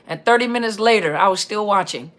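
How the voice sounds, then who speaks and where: A woman hosting a live Q&A stream, chatting casually and reading out viewer comments in an upbeat, chatty way. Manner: upbeat, chatty, reads out viewer comments with quick pitch jumps.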